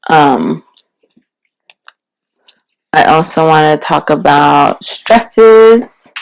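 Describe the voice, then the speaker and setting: A woman giving a casual video-blog language lesson, explaining slowly and relaxed, with many fillers. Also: low voice, rough recording. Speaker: language teacher.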